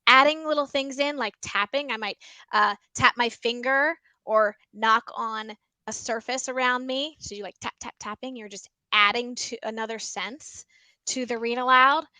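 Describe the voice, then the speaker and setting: Bright, chatty woman librarian. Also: fairly high pitch, normal speed, clear, resonant tone, no echo, poor audio. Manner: chatty, many ums, explains by example. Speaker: school librarian. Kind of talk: teaching tips with a read-aloud.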